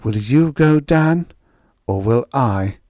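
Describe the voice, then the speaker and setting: A man's voice: medium pitch, lively intonation, slow pace, a little mellow, dry recording, voice pushed up. A man voicing an anxious young ranch wife who pleads urgently, in an audiobook reading. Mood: pleading.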